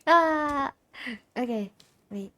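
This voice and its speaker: A woman's voice: high voice, expressive, extremely slow, a bit bright. A woman streaming a game, chatting casually with frequent giggles and stammering restarts. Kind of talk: casual gameplay commentary.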